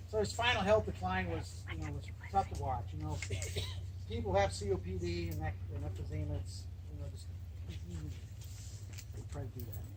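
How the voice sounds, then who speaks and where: A man, telling stories about his late father at a memorial, rambling and halting with many restarts. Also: a little high, noisy background. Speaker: eulogy speaker, son of the deceased. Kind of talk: memorial speech, storytelling.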